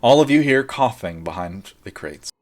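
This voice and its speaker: A man's voice: mid-range voice, lively intonation. A man running a tabletop game as game master, narrating in a loose way full of fillers. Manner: loose, filler-heavy narration with quick bursts.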